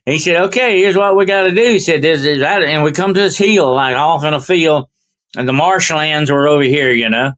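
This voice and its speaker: A man's voice: on the high side, moderate pace, a bit bright, highs cut off. An older man, a paranormal investigator, tells a story in a rambling, conversational way and keeps checking in with "okay?" and "you know".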